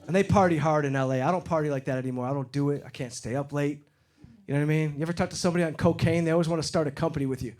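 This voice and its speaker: A Detroit man in his forties delivers a brash, profane stand-up set on a comedy club stage, acting out the people in his stories. His voice is on the high side and steady in tone, racing along amid a noisy background of audience laughter.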